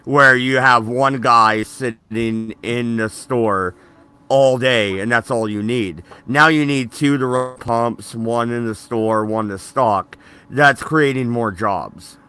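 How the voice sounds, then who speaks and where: A man's voice: medium pitch, slow pace, sharp tone, smooth. A man co-hosting a casual podcast, laughing and ranting in mock anger through rowdy banter. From Oregon.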